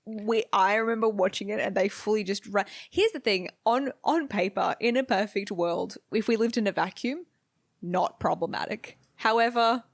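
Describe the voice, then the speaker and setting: A woman's voice: medium pitch, normal speed, no room sound, studio quality. A woman in her twenties co-hosting a podcast, chatting casually with rambling, self-interrupting sentences and frequent laughs. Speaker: podcast co-host. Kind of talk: casual chat.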